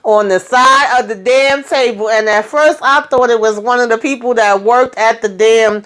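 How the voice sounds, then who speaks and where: A woman host recapping a TV episode in a casual storytelling way, chatty and animated, with salty slang and frequent asides. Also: on the high side, normal speed.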